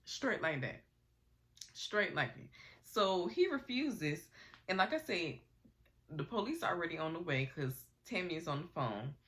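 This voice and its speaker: A woman's voice: on the low side, unhurried. A woman recapping a TV episode in casual, gossipy vlog commentary, talking animatedly and getting over a cold. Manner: animated, gossipy retelling with slang and acted quotes. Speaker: recap vlogger.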